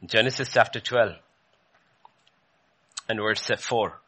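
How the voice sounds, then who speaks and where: A man's voice: lowish voice, takes it slowly, bright, forceful tone, slightly rough. A male preacher giving a sermon, emphatic, repeating phrases and rising sharply whenever he quotes questions from scripture.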